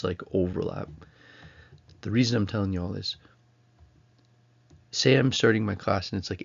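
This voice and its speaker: A man's voice: deep voice, creaky, breathy edge, dull audio. A man, giving a casual recorded college lecture at home in a rambling, self-interrupting way. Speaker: college instructor.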